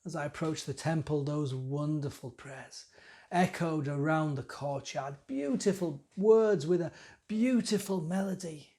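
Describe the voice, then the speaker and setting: A man's voice: fairly high pitch, unhurried, dark tone. A man playing a council elder and family father in a dramatic monologue, musing in the first person, sometimes grumbling.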